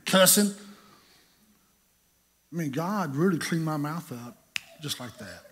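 A middle-aged man, preaching a sermon in a folksy storytelling way, acting out scenes with sudden loud bursts. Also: on the high side, husky. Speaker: pastor.

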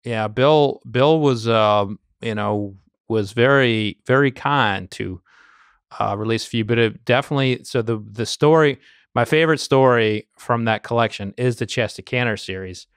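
A man with a clear, resonant mid-range voice co-hosts a podcast and collects bourbon. At normal speed, he rambles through stories in casual chat with many restarts, and the studio-quality sound has no echo.

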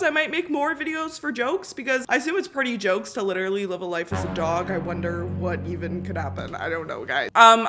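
A young adult woman giving casual, chatty commentary to her viewers as she plays a mobile game, reading its text aloud between quick, giggly asides. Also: on the high side, fairly bright tone. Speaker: YouTuber playing a mobile life-sim game.

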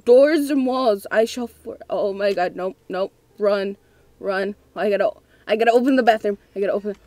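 A woman's voice: mid-range voice, moderate pace, mellow, no echo. A young woman playing a scary game at home, talking nervously and giggling to herself. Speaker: gamer. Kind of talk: let's play commentary.

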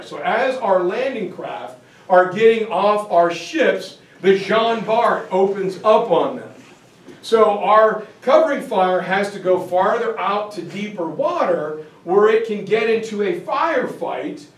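A man giving a history lecture to a class, telling it as a lively, joking story. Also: high voice. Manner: animated, joking storytelling with acted-out voices. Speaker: teacher. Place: lecture room. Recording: roomy, from far off.

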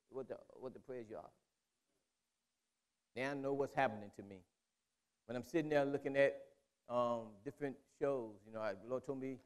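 High-voiced preacher. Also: male voice, darkish tone, smooth. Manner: repetitive, conversational preaching with restarts. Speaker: pastor. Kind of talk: sermon.

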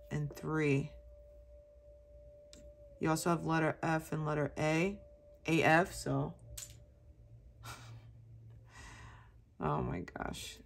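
Low-voiced woman giving a casual tarot reading. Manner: chatty, casual, addresses viewers as baby. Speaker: tarot reader.

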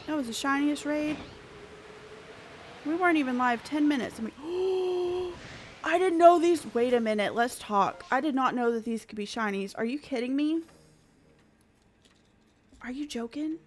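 A woman, chatting excitably with viewers while she streams a game. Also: high voice, normal speed, long pauses, a little hiss or hum. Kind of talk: casual live-stream chat.

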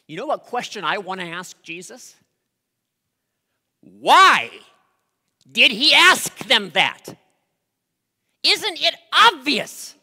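A pastor preaching a sermon, telling a story with dramatic pauses and rising emphasis. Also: medium pitch, bright, forceful tone, breathy edge. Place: church sanctuary. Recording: long reverb of a large hall.

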